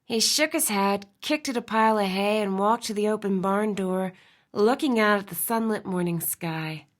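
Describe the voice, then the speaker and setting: Expressive woman audiobook narrator, storytelling voice, soft in tender moments. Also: medium pitch, normal speed. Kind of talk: scripted narration.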